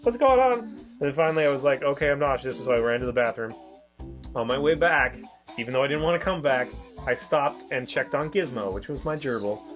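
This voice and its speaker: A man co-hosting a review show in casual chat, a rambling and animated storyteller. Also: medium pitch, brisk, soft background music.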